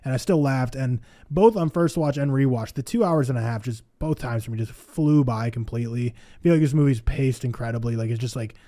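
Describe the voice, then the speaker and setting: A man's voice: medium pitch, fairly quick, hardly any pauses, dark tone. A man on a podcast, gushing about a movie in casual chat with many filler words.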